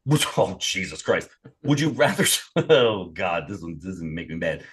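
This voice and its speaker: A man's voice: low-pitched, normal speed. A man co-hosting a podcast, chatting casually with lots of swearing and mock voices. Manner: animated, heavy swearing, slips into mock voices. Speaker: podcast co-host.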